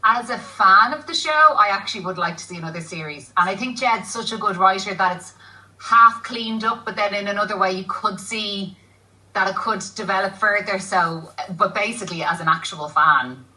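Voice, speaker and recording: A woman's voice: mid-range voice, moderate pace, sharp tone, recorded from a distance, rough recording. A woman, an actress guest, chatting casually on a TV show, laughing often and rambling a little. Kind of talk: casual TV chat. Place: TV studio.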